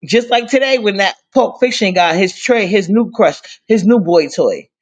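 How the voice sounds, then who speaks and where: High-voiced man gossiping on a livestream. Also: normal speed, dull audio. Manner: animated, repeats himself, trails off. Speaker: livestream host. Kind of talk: casual gossip chat.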